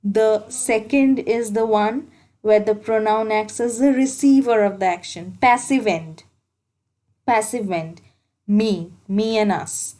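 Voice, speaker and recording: An English teacher leads an exam-prep grammar lesson, explaining step by step and going over key points again. Her medium-pitched voice is warm and unhurried, though the recording quality is low.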